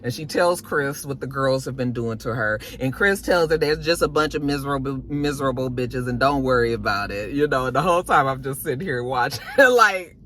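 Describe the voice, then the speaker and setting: Chatty woman vlogger, brassy and bright, swearing freely while she dishes on the episode. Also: very deep voice, fairly quick, hardly any pauses, slight background noise. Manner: animated, chatty, swears freely, acts out quotes. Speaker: reality show recap vlogger. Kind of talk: casual recap commentary.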